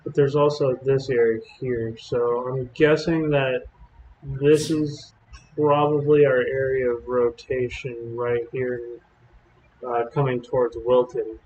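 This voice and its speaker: A man's voice: mid-range voice, flat delivery, slow, darkish tone, echoey room, lo-fi sound, slight background noise. A man from Texas giving casual, rambling live-stream commentary on storms while chatting with viewers. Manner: chatty, rambling, drawling with fillers.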